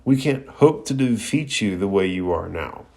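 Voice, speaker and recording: A man playing a cold teenage ninja rival who speaks gravely and deliberately. The voice is low and measured. It is read out inside a casual spoken review. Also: animated, darkish tone.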